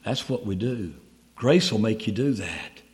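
A man's voice: lowish voice, expressive, measured pace, a little mellow. A man preaching a sermon at a camp meeting, earnest and pleading.

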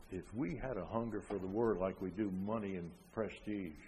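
An older man preaching a sermon, emphatic, with frequent rhetorical questions, rising loud and then dropping soft. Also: deep voice, normal speed, a little hiss or hum. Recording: long hall reverb.

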